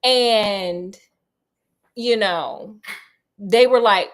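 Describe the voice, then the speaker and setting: A woman's voice: a little high, lively intonation, moderate pace. Playful slangy woman storyteller. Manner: slangy, playful, chatty asides to a friend. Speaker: storyteller host. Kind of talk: casual retelling of a classic story.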